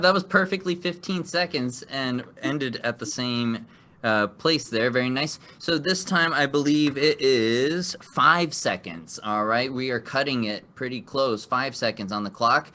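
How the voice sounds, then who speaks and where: A man's voice: mid-range voice, measured pace, bright, forceful tone. A man hosting a live improv comedy game show, upbeat and encouraging, laughing often.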